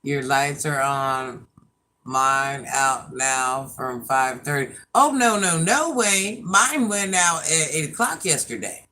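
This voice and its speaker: Woman, 50s, livestream host; slow, chatty storyteller with a bright, forceful voice. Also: low voice, expressive. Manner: chatty storyteller, laughs at herself. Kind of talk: casual livestream chat.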